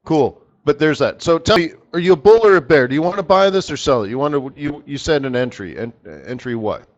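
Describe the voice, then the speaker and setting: A man's voice: fairly high pitch, expressive, a little fast. A man hosting a live trading strategy session, chatting casually and animatedly with viewers by name as he teaches. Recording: dull lo-fi stream audio.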